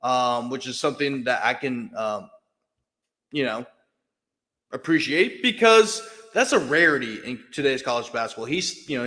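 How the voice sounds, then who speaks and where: Podcast host, male, chatty sports talk, bright tone, some hall reverb. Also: mid-range voice. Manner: chatty, heavy fillers and restarts. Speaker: podcast host, beat writer. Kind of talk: casual sports podcast commentary.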